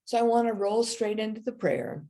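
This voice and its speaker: A woman minister giving a sermon, telling a story and then leading a slow, meditative prayer. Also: fairly high pitch, warm tone.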